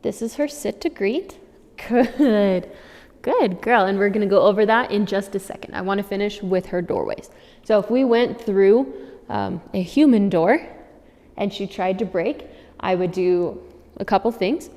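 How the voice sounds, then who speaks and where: Mellow-voiced woman demonstrating dog training. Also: mid-range voice, lively intonation, normal speed. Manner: friendly, upbeat walkthrough. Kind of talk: instructional demonstration. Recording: long reverb in a room.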